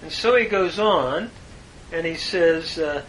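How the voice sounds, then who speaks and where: A man teaches scripture in a measured, unhurried way, leaning on key words for emphasis. His voice is bright and sits a little high. A faint low rumble runs behind him. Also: animated, poor audio. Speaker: Bible teacher. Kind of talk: devotional Bible lesson with Hebrew word study.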